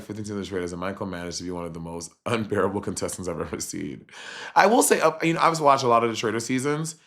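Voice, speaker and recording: A man chatting casually on a livestream as he reacts to a reality show, animated and profane, with sudden jumps in pitch. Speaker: streamer reviewing a reality show.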